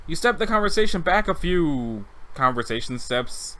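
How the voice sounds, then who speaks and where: A man's voice: medium pitch, expressive, normal speed, fairly bright tone. A man narrating a text game and reading viewer comments aloud, with wry offhand asides. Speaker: let's read narrator.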